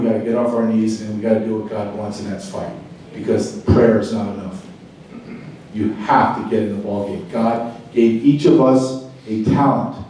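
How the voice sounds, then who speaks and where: A middle-aged man, a retired border agent, giving a fervent speech to a club, swinging from loud to quiet. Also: mid-range voice, slight background noise. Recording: very echoey room, speaker far from mic.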